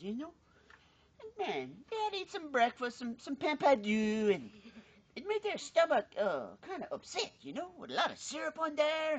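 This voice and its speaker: A woman telling a folksy joke casually, drawling and saying "man" and "you know". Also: high-pitched. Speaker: storyteller.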